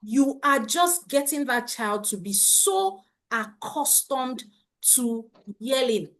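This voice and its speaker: A woman's voice: a little high, fairly bright tone. A woman teaching a live parenting webinar, repeating her points and asking viewers in the chat to confirm. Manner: slow, repetitive, asks the chat to confirm. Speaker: parenting coach.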